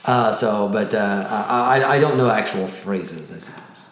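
A man's voice: on the low side, lively intonation, unhurried, a bit bright, roomy sound. A middle-aged man from Southern Illinois chatting casually, rambling with many restarts and fillers. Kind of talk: casual chat.

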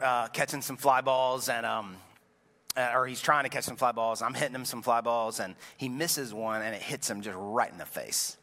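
Casual joking pastor in an echoing hall. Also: male voice, medium pitch, sharp tone. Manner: casual storytelling, self-deprecating jokes. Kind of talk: sermon. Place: church sanctuary. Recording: long reverb from a large room.

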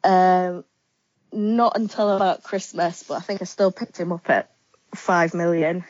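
A woman guest on a podcast chats in a relaxed way, answering with plenty of ums. Her voice sits a little low, dry and close, and the sound is slightly dull and lo-fi. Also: unhurried, no echo. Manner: relaxed, chatty, many ums. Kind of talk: casual interview chat.

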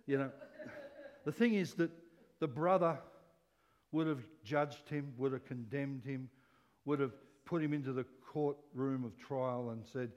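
Animated male preacher in a reverberant hall. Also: medium pitch, unhurried. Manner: animated, swings from loud exclamations to soft asides. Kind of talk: sermon.

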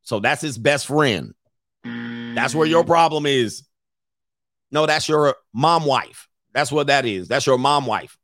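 A man reacts to a video clip with casual, blunt commentary, swearing freely and addressing his male viewers as gentlemen. He takes it slowly in a mid-range voice, and the recording is dry with clean studio sound.

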